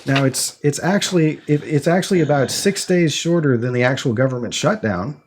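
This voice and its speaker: A man's voice: a little high, a little fast, a little hiss or hum. A man co-hosting a casual podcast, rambling through an idea aloud with many restarts. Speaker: podcast co-host. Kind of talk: casual chat.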